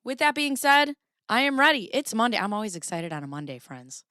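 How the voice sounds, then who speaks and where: A woman's voice: fairly high pitch, sing-song, brisk, pushed and bright, no room sound, clean studio sound. A woman hosting a casual livestream, chatting in a rambling way, greeting her viewers and swearing now and then. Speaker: livestream host.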